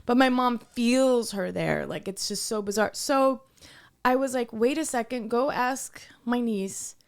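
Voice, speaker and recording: A woman's voice: on the high side, measured pace, creaky, clean tone. A young adult woman co-hosting a podcast, telling a story in casual chat and acting out the quoted dialogue. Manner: animated storyteller who acts out quoted dialogue. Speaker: podcast co-host.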